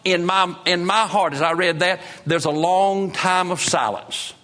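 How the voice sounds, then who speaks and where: An impassioned male preacher delivers a sermon in a bright, ringing tone. His pitch sits a little above the usual, and his folksy phrasing carries him from hushed lows up to soaring peaks. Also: a little slow, few pauses. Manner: folksy grammar. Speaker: pastor.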